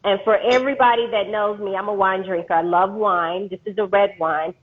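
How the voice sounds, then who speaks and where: A woman co-hosting a casual live-stream chat, animated and teasing, laughing often, on a video call. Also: medium pitch, brisk. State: going through menopause. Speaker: co-host, life coach. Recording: tinny phone-line sound.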